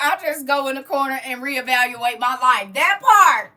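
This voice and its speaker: A woman's voice: high-pitched, moderate pace, hardly any pauses, bright, forceful tone. A middle-aged woman hosting a casual livestream at home, teasing her viewers playfully and laughing often. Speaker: livestream host reading chat. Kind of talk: casual live chat. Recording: distant from the mic.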